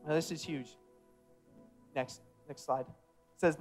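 Male pastor, high voice, casual sermon, emphatic, builds to loud passion. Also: fairly even intonation, takes it slowly, soft background music.

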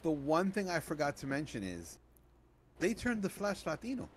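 A man co-hosting a podcast, asking probing questions in relaxed conversation with joking asides. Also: fairly high pitch, normal speed. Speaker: podcast co-host. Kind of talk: casual movie review chat. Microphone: podcast microphone.

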